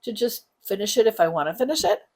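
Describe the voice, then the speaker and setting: A middle-aged woman in mid pitch chats casually on a crafting show. She talks in a matter-of-fact way, with gentle snark and teasing. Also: lively intonation, fast, husky. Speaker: co-host, the host's mother. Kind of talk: casual chat.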